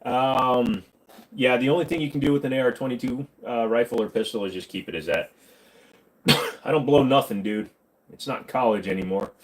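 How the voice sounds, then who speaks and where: A man's voice: mid-range voice, brisk, a little mellow, slight background noise, rough recording. A man hosting a casual livestream, answering viewer questions with crude jokes and banter aimed at his chat. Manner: crude joking banter, talking back to chat.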